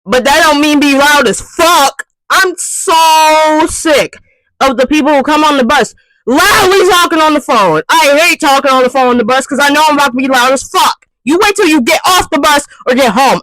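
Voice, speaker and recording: A young woman rants with lots of swearing, her high voice swinging widely as she snaps into loud outbursts. The sound is dry and close, with no room around it. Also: animated, normal speed, no echo, low-quality recording. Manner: exasperated, swearing rant. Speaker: vlogger. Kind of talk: ranting vlog monologue.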